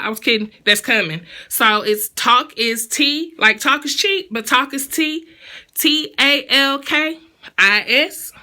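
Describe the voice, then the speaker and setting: A woman's voice: medium pitch, bright, forceful tone. A woman recapping a reality show in a sassy, blunt, slangy gossip style.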